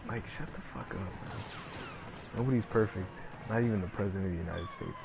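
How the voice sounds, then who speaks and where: A man's voice: fairly low pitch, very animated, quick pace, creaky. A man giving casual gameplay commentary, ranting in a rambling, profane way and packing his talk with filler words. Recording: noisy background.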